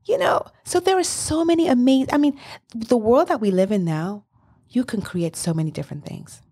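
A woman's voice: on the high side, lively intonation, moderate pace, mellow, husky. A woman in her fifties, a life coach, speaking as an interview guest in an enthusiastic, emphatic motivational way. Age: 50s. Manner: enthusiastic, emphatic, laughs often.

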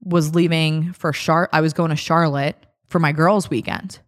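Low-voiced woman telling a story. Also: fairly even intonation, normal speed. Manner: chatty, many fillers, acts out quotes. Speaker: podcast co-host. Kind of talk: casual storytelling chat.

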